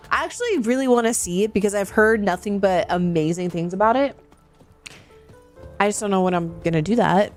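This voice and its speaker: Chatty giggly woman game streamer. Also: a little high. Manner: chatty, giggly, reads chat aloud. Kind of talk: casual chat while playing a video game.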